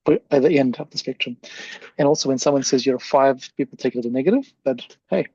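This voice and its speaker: A man's voice: mid-range voice, quick pace, a little mellow, slightly rough, no room sound, highs cut off. A man hosting an interview podcast as a leadership coach, talking in an affirming, reflective way with frequent restarts. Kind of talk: conversational interview.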